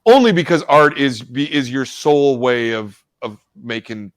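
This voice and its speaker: A man's voice: medium pitch, animated, normal speed, no echo. A man hosting an interview, asking casual questions and repeating words as he stammers. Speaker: interview host.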